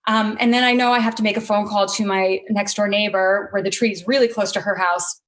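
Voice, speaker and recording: A woman sharing a personal story before an audience in a relaxed, conversational way. She is earnest and openly emotional, laughing through tears at times. She fills her pauses with plenty of ums. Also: medium pitch.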